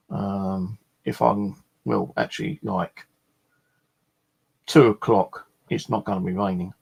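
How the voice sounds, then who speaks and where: A man's voice: on the low side, vocal fry, slightly rough. A man chatting casually in a vlog, a rambling storyteller full of fillers and the odd swear word. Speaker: vlogger.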